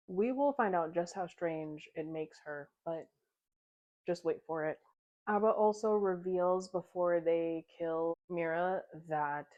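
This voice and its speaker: A woman's voice: fairly low pitch, a little mellow. A young woman casually recapping a novel in a chatty way, swearing freely and acting out the characters' lines. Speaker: book reviewer. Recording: dull lo-fi sound.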